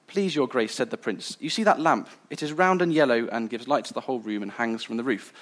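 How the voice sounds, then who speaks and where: A man's voice: mid-range voice, brisk, fairly bright tone, lightly acted. A man reading aloud as a courteous young prince who patiently explains. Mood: earnest.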